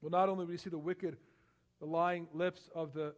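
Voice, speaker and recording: A man's voice: on the high side, fairly even intonation, a little fast, highs cut off. A male pastor preaching a sermon, building to emphatic bursts on scripture and often repeating words as he goes. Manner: frequent word repeats and restarts.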